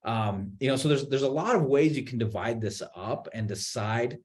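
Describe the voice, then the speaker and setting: A man on a video call webinar, explaining real estate marketing in an animated way, with many restarts and repeated words. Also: medium pitch, normal speed, few pauses. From Utah. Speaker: marketing executive guest.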